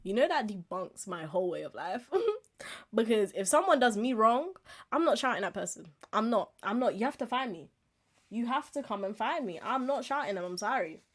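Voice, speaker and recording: A woman in her twenties hosting a casual solo podcast, telling stories with animated, acted-out reactions and frequent laughs. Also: fairly high pitch, fairly quick. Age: 20s. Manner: animated storytelling, acts out reactions, laughs often. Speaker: podcast host.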